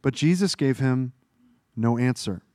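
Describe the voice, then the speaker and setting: A man's voice: medium pitch, expressive, unhurried, a little mellow, no echo, studio quality. A man preaching a sermon, reading scripture aloud and explaining it earnestly, his voice rising and dropping for emphasis. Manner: earnest, explanatory preaching with small self-corrections. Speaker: pastor.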